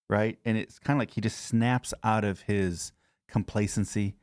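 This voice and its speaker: A man with a fairly low voice reads scripture aloud before easing into a relaxed discussion of the passage. The sound is dry and close, with no room echo. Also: moderate pace. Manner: reads aloud then chats conversationally. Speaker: pastor.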